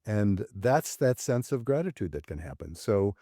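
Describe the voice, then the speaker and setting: Male psychologist guest, mellow and low, measured delivery, dry close sound. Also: very animated, no room sound. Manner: thoughtful, measured, gently laughing. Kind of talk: conversational interview.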